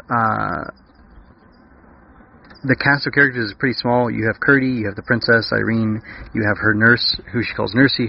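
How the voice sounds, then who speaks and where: A man's voice: lowish voice, gravelly, muffled recording, a little hiss or hum. A man hosting a podcast, chatting casually about a book with many fillers and restarts. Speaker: podcast host.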